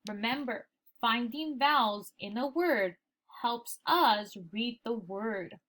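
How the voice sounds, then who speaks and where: A young woman teacher giving a recorded phonics lesson, slowly sounding out word parts for her students. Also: on the high side, lively intonation, fairly bright tone.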